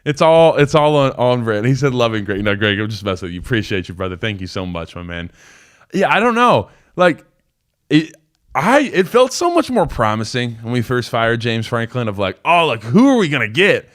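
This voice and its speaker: A man's voice: medium pitch, very animated, moderate pace, clear, resonant tone. Man, 20s, former player turned show host; casual, rambling delivery full of fillers. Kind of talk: live call-in sports talk.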